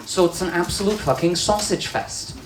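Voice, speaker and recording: A trans woman performing a stand-up comedy set in a bar, telling stories with deadpan asides. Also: fairly low pitch, moderate pace, a little hiss or hum. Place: bar with live audience. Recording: roomy bar recording with crowd laughter.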